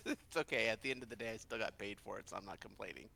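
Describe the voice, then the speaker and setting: A man's voice: fairly low pitch, very fast, creaky, pushed and bright, husky, no echo. A man playing a tabletop game with friends, chatting casually, teasing and laughing often. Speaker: player. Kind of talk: casual chat among friends.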